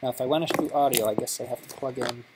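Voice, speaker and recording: A man's voice: medium pitch, fast talker, noisy background. A man giving a live workshop at a conference, demonstrating an app step by step in a chatty way. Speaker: workshop presenter. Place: conference session room. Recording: live conference talk recording.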